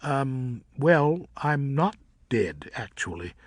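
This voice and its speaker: A man's voice: medium pitch, big pitch swings, slow, no echo, studio quality. A man voicing a young, curious and headstrong male bat who speaks earnestly and impatiently.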